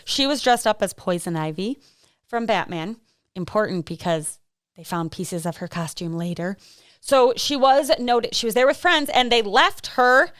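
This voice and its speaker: A woman's voice: medium pitch, animated, moderate pace, a bit bright, no room sound, studio quality. A woman, co-hosting a podcast and telling true-crime stories in a rambling, chatty way with frequent laughs and fillers. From American Midwest. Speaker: podcast co-host. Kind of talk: casual true-crime chat.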